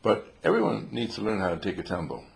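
Older man with a low gravelly voice. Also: big pitch swings, fast, crowd noise. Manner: playful, chuckling, old-fashioned exclamations. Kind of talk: rambling humorous storytelling.

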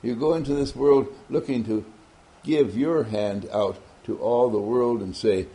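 A man's voice: mid-range voice, measured pace, dark tone, rough recording. A man giving a motivational talk, telling a story animatedly and often laughing. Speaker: motivational speaker.

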